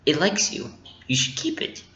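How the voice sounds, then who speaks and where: A man voicing a calm, wise old alien woman mentor in a soft, knowing voice, recorded on a dull lo-fi mic in an echoey room. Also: moderate pace, a little hiss or hum, lightly acted.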